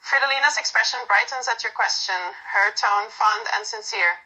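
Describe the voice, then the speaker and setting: Bright-voiced woman reading a romance story. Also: mid-range voice, moderate pace, poor audio. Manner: soft, unpolished reading with fillers. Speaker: story narrator. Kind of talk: reading a second-person romance story aloud.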